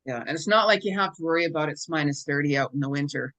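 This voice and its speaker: Chatty woman host, lowish dry voice. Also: a bit bright, no echo. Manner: chatty, quick to laugh along. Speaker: podcast host. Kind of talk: casual interview.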